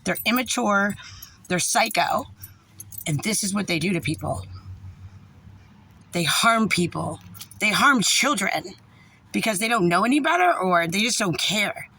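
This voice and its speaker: Raspy, furious New woman. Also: mid-range voice, animated, bright, forceful tone. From New Jersey. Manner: angry, profane, fast when passionate. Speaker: parent venting about a social services agency. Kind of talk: profane ranting vlog.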